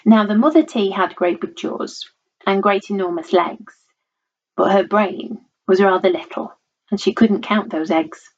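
A woman reading a rhyming picture book aloud in a measured, rhythmic way. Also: medium pitch. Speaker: storyteller. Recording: dull lo-fi recording.

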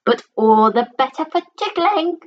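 A woman's voice: on the high side, a little slow, pitched above the performer's own voice, natural voice. A woman voicing a cheerful storybook man who loves tickling people. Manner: cheerful and chuckling. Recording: dull lo-fi recording.

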